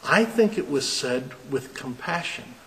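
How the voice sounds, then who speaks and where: A man's voice: lively intonation, measured pace, fairly bright tone. Earnest male pastor in a reverberant hall. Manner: reads scripture dramatically, then explains it in a lowered, earnest voice. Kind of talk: sermon. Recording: long reverb.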